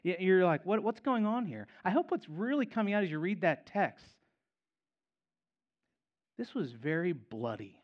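A man's voice: high voice, very animated, moderate pace, long pauses, dull audio. A man preaching a sermon as pastor, emphatic and repeating key phrases for effect.

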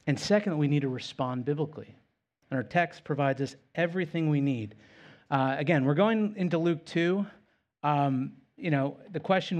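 A man's voice: a little high, darkish tone. A male pastor preaching a sermon in a conversational way with self-deprecating humor.

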